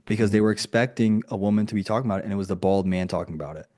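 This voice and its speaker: Guy w a lowish voice coaching folks on a video call, chatty, says like a lot. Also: racing, mellow. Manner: casual and conversational, full of "like" and quoted dialogue.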